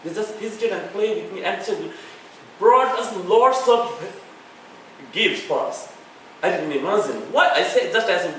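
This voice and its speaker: A middle-aged man with a Bangladeshi accent giving an earnest public talk with slides, halting and restarting as he speaks. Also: high voice, animated, a bit bright, a little hiss or hum. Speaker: guest speaker. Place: lecture hall. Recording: echoey hall, far from the mic.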